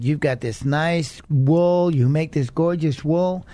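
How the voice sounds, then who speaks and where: Male radio Bible teacher, slightly high voice, earnest and chatty, dry close sound. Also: unhurried, warm tone, no room sound. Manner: earnest, conversational, with fillers.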